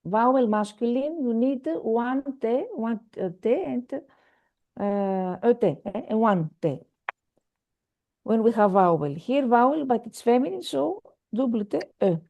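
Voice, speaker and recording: A woman's voice: on the high side, animated, measured pace, dull audio. Patient woman teaching French. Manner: patient, repeats words, many fillers. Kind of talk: online language lesson.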